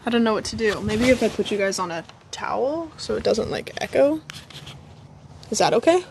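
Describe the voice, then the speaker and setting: A woman's voice: fairly high pitch, big pitch swings, moderate pace, vocal fry, darkish tone, a little hiss or hum. Chatty woman streaming from her phone. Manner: chatty, rambling, talks to her dog and chat. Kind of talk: casual live-stream chat. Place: home, outdoors by a grill.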